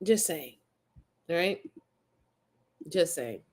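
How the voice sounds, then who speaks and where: A woman's voice: on the low side, animated, extremely slow. A woman hosting a crime reaction show, talking casually to her chat in a blunt, exasperated way, cursing and laughing often. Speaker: host reacting to crime videos.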